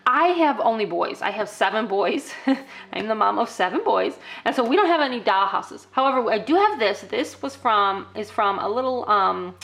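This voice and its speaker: A woman's voice: mid-range voice, expressive, normal speed, creaky, a bit bright. A middle-aged woman teaching parents a toddler activity, often breaking into exaggerated sing-song child-directed talk. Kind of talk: instructional demo for parents.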